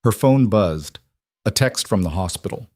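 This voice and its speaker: A man narrating a scripted drama story in a steady, measured way. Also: fairly low pitch, no room sound, studio quality.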